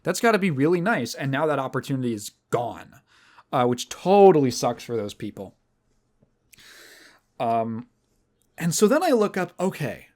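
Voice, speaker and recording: A man hosting a podcast, telling a story in a casual, rambling and animated way. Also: mid-range voice. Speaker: podcast host. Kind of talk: casual chat.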